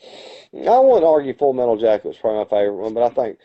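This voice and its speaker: A man's voice: medium pitch, very animated, fast, dull audio. A man co-hosting a casual podcast, telling long rambling stories with colloquial grammar. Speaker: podcast co-host. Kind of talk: casual chat.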